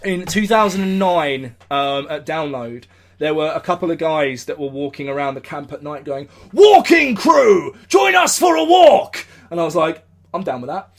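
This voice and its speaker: English male podcast host, high voice, rambling, sweary, breaks into mock-epic shouts. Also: normal speed. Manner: rambling storyteller, swearing, bursts into shouted speeches. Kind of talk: casual live podcast chat. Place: indoors, recording live.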